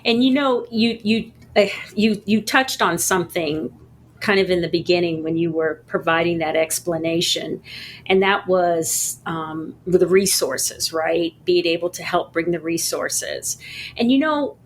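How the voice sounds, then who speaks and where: A woman hosting an interview, asking a question haltingly with restarts. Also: on the low side, slight background noise. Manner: hesitant, searching for words. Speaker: podcast host. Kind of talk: interview conversation.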